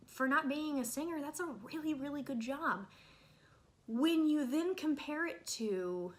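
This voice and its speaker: A young woman with a voice on the high side talks casually to camera in a film review vlog. She's animated and exasperated, swinging from loud outbursts to soft asides.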